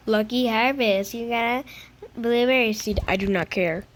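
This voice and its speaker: A woman gamer with a fairly high voice talks slowly through casual gameplay commentary, her words drawn out. She whines playfully and fakes crying over bad loot. Faint noise sits behind her voice. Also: low-quality recording. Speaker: gaming video creator.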